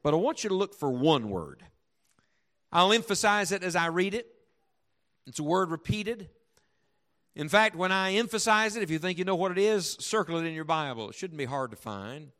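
A man preaching in a church, his fairly high voice dropping to a hush and then climbing high and loud. He draws out scripture word by word, leaning hard on each phrase for his congregation. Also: expressive. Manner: dramatic storytelling with big swings from hushed to loud; reads scripture slowly with heavy emphasis. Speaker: pastor. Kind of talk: sermon. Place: church sanctuary before a congregation.

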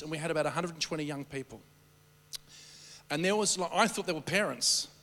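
Animated preacher in an echoing hall. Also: male voice, sits high. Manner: rambling, animated, with frequent restarts and stammered repeats. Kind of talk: sermon storytelling. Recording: long hall reverb.

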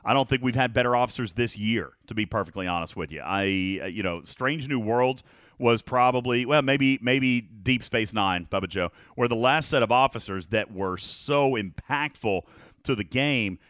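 A man co-hosting a casual gaming podcast, talking emphatically and checking in with listeners as he goes. His voice sits at an ordinary middle pitch. The room sounds dry and close. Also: moderate pace, fairly bright tone, dry recording. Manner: emphatic, reads viewer comments aloud, rhetorical "okay?" check-ins. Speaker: podcast co-host.

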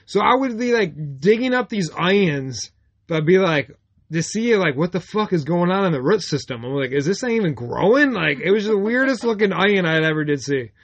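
A man's voice: high-pitched, expressive, brisk. A man co-hosting a podcast in casual chat, blunt and profane, often cutting in to steer the story. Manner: blunt, swears a lot, interrupts. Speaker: podcast co-host, flower farmer.

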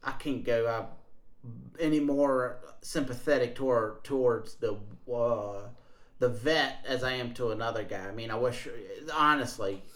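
A man's voice: medium pitch, a little slow, reverberant. A man talking bluntly in a casual conversation, rambling and restarting his sentences.

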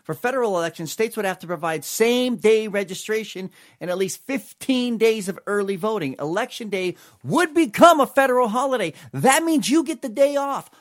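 A man's voice: high voice, expressive, brisk, few pauses. A man hosting an opinionated political commentary show, talking in an emphatic, sarcastic way.

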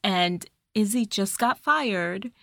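Bright, chatty woman podcast co-host. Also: medium pitch, animated, takes it slowly, vocal fry, no room sound, studio quality. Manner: chatty, swearing, filler-heavy. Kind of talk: casual chat recapping a movie.

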